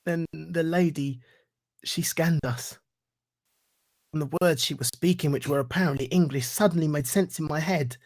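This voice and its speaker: A man giving a reflective talk and reciting spoken-word poetry in an earnest, rhythmic way with deliberate pauses. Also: on the high side. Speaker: guest speaker.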